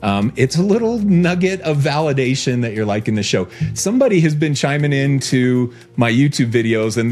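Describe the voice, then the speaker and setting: A man's voice: medium pitch, a little mellow. A man co-hosting a podcast, chatting in a friendly, upbeat way. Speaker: podcast co-host. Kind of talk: casual podcast chat.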